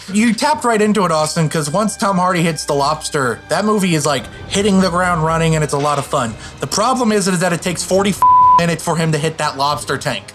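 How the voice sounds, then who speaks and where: A man's voice: on the high side, a bit bright. A man hosting a casual podcast chat, teasing his co-hosts and moving the discussion along. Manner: teasing, steers the questions. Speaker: podcast host.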